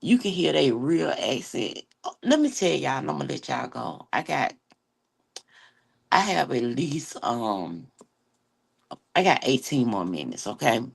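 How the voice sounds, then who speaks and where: A woman from Atlanta with a Southern accent, chatting sassily with her livestream viewers and telling animated stories full of slang. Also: extremely low pitch, unhurried, creaky, pauses often, husky. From Atlanta, Georgia. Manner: sassy, animated storytelling with slang. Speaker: livestream host. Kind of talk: casual chat with viewers.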